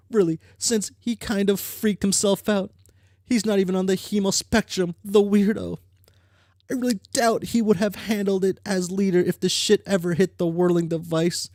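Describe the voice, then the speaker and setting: A blunt, sharp-tongued teenage troll girl from a webcomic, read aloud by a reader with a dry delivery. The sound is dry and close to the mic. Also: medium pitch, no room sound, voice pushed up, lightly acted. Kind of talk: reading comic dialogue aloud.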